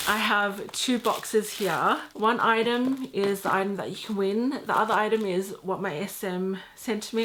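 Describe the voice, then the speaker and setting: A woman's voice: medium pitch, measured pace, noisy background. Gushing woman unboxing luxury gifts. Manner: gushing, excitable, repeats "so sweet". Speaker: luxury vlogger. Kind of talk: casual unboxing vlog.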